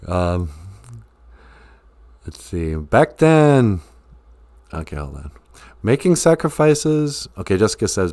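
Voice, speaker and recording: Slow and full of long pauses, a joking stream host meanders from idea to idea, his pitch lifting and dipping in a lively way. He speaks casually to viewers and reads their comments aloud.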